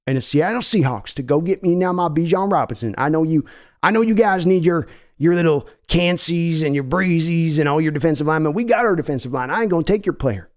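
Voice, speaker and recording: Brash older Texan owner played by a man, put-on drawl, bossy and folksy, pitched up high and lively. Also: lightly acted. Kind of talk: comedic impression skit.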